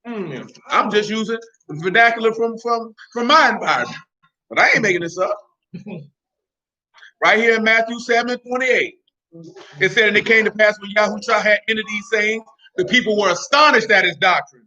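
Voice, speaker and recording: A man preaching a sermon in street slang, talking animatedly and breaking into shouts. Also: high-pitched, normal speed. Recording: dull lo-fi recording.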